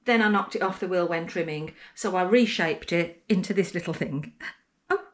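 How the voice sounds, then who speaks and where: A woman's voice: fairly low pitch, normal speed. A middle-aged woman potter chatting casually to camera in her pottery studio, talking herself through her work. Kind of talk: casual vlog narration.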